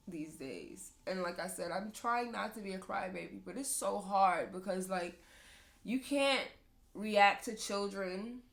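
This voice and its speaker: On her podcast, a young mother of two boys opens up about motherhood with candor and emotion, frequently breaking into laughter. Her voice is on the low side, yet a bit bright.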